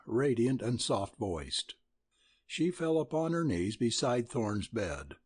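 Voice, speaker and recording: A male narrator reads an audiobook expressively. His voice is husky, and his pitch moves widely through the sentences. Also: darkish tone. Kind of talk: scripted narration.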